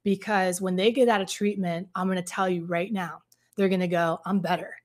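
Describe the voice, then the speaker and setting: A woman's voice: fairly low pitch, fairly even intonation, normal speed. A middle-aged woman coaching on a live stream. She chats with viewers, reads out their comments and acts out the voices of the people she quotes. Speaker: relationship coach.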